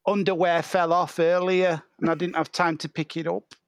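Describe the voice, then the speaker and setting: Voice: medium pitch, little pitch movement, moderate pace, no echo, clean studio sound, voice pushed down, close to an everyday voice. A performer improvising a meek, gullible new trainee baker who hesitates a lot. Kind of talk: improv comedy scene.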